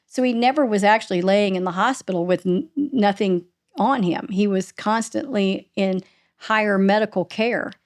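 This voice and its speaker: A middle-aged woman, a podcast host being interviewed, recounting a painful family loss in a halting, emotional way. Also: mid-range voice. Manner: halting, restarts and voice breaking with emotion. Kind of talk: emotional personal storytelling in an interview.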